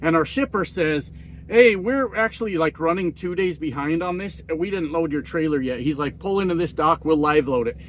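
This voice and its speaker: A man's voice: a little high, fairly quick, hardly any pauses, slight background noise. A middle-aged man, a truck driver, telling stories in a rambling, profane, casual way. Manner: profane, rambling, acts out quoted people in a raised voice. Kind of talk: casual storytelling monologue.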